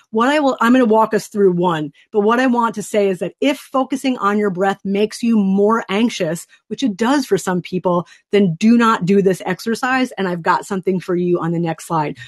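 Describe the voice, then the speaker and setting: A woman of mid-range pitch talks into a desk microphone during a training webinar. She explains a stress topic and then slowly walks listeners through a breathing exercise. Her manner is calm, soothing and instructive.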